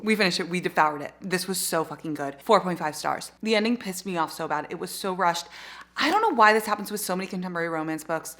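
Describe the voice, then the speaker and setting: A woman in her twenties chatting casually in a reading vlog, gushing and excitable, swearing freely. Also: lowish voice, fast talker, slight background noise. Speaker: reading vlogger.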